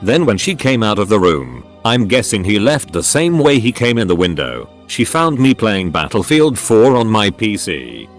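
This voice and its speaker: A man's voice: on the low side, very animated, normal speed, hardly any pauses, soft background music. A man narrating first-person stories in a dry, conversational scripted voiceover. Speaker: story narrator.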